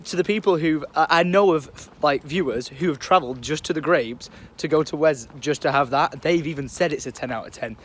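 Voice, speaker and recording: A young man from England, telling a story in a casual vlog, animated and swearing freely. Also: a little high, brisk, slight background noise. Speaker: vlogger.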